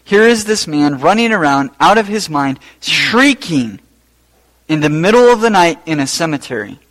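A man preaching a sermon as pastor, rising to loud emphatic peaks and then dropping low and quiet. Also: very animated, normal speed, low-quality recording.

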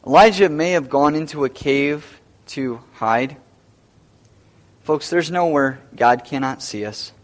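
Male pastor, sermon delivery, high-pitched, emphatic, repeats lines for weight. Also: takes it slowly. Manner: emphatic, repeats key phrases.

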